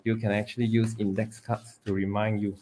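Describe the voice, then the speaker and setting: A man, training students in public speaking, who swings between loud emphasis and hushed delivery and stretches words for effect. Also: lowish voice, flat delivery, a little fast, slight background noise. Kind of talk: live training talk.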